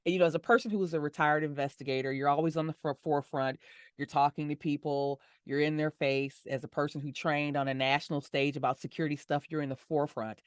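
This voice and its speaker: A middle-aged woman, a voice actor and audio description narrator, answering interview questions in a warm, smiling way and laughing easily. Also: low voice, fairly even intonation, fast, clean tone, dry recording, clean studio sound.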